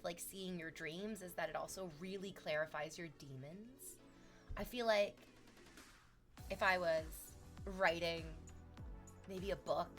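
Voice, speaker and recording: A young adult woman streaming, chatting casually and reflectively, candid and swearing freely. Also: fairly low pitch. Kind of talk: casual chat.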